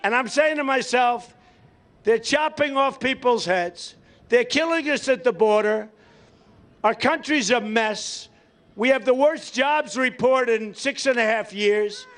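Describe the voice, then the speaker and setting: An older man holds forth at a campaign rally, his voice pitched very high for a man. He brags, rambles and circles back to the same points. Now and then he shouts out to the crowd. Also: unhurried. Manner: boastful, rambling and repetitive, sometimes shouting to the crowd. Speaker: political candidate at a campaign rally. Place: large rally venue before a cheering crowd.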